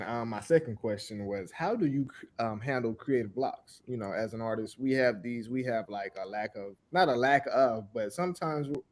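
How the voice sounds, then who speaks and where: A man's voice: mid-range voice, darkish tone. A man hosting a podcast interview, asking questions with hesitant restarts and giving brief affirmations.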